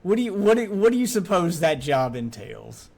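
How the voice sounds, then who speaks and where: A man's voice: high voice, big pitch swings, moderate pace, creaky, a little mellow. A man co-hosting a casual reaction stream, joking and sarcastic as he talks. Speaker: streamer co-host.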